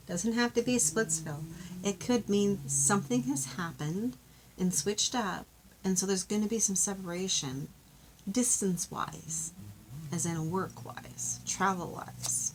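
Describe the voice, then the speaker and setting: Gentle, chatty woman reading love cards. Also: lowish voice, noisy background. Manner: gentle, heartfelt, chatty, self-disclosing. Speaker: tarot card reader. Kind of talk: intuitive card reading to camera.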